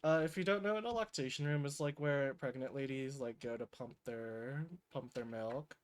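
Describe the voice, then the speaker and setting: A man's voice: mid-range voice, moderate pace. A young man streaming live, telling a work story in a loose, rambling way with lots of fillers. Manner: rambling, laid-back storytelling with many fillers. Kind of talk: casual livestream chat.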